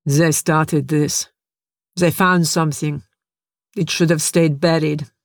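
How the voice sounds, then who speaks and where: A man reading a story aloud and voicing a haunted, starving male scientist who survived a disaster; he speaks slowly, sadly and gravely. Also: on the high side, level tone, dry recording, studio quality. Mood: grim. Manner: slow, sad and grave.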